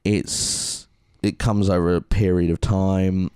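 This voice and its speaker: Earnest low-voiced English man. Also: little pitch movement, slow pace, darkish tone, clear, resonant tone, dry recording, studio quality. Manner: earnest, rambling with restarts. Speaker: podcast co-host. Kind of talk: casual podcast chat.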